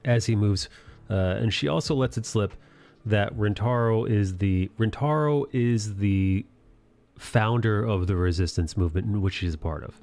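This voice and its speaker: A man's voice: fairly low pitch, moderate pace, a little mellow, soft background music. A man hosting an anime review, recapping episodes in a casual, rambling, sometimes profane way. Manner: loose, rambling, profane retelling.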